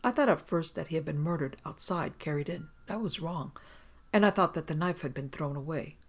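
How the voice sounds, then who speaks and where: Calm gentle detective guy, reader doing the voice, husky and gravelly. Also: mid-range voice, a little fast. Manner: steady and gentle. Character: calm, steady man, a detective with a gun.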